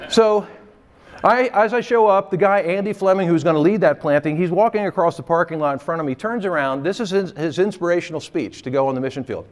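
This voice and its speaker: A man's voice: high-pitched, fast talker. A middle-aged man preaching as a guest, telling a humorous story with frequent laughter and mimicked voices. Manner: animated, laughing often, mimics voices in quoted lines. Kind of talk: storytelling sermon.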